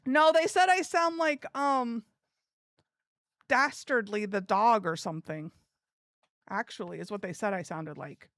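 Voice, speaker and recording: A woman live streamer chatting casually with her viewers in an animated, giggly way. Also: medium pitch, a little slow, long pauses, no room sound, studio quality.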